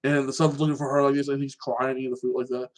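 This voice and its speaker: Rambling excitable man chatting casually. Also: mid-range voice, quick pace. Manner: rambling, keeps tagging "like that"; animated, excitable. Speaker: show host. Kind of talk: casual solo chat about TV shows and fights.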